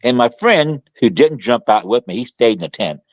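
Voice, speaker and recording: A middle-aged man recounting a story as a podcast guest, his voice leaping up and down in pitch as he acts it out. He talks in a colloquial way and often backs up to restart a sentence. The sound is dry, with no room echo. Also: animated, moderate pace. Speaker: guest author. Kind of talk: casual storytelling in conversation.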